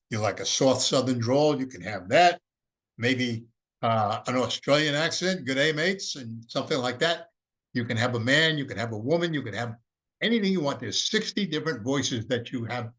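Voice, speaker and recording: A man's voice: medium pitch, a bit bright. A man presenting an AI business course in a casual, rambling, folksy way, full of fillers and restarts.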